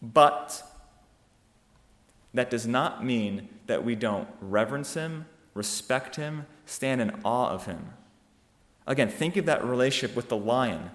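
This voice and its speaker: Male preacher, mid-pitched, emphatic rhetorical style, recorded in a reverberant hall. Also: expressive, measured pace. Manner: emphatic, rhetorical questions, rising to loud peaks. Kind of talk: sermon.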